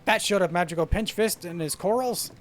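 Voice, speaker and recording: A man's voice: high-pitched, brisk, natural voice. A man putting on a rowdy drunken sailor. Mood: boisterous. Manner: rough sailor dialect, rambling and boisterous.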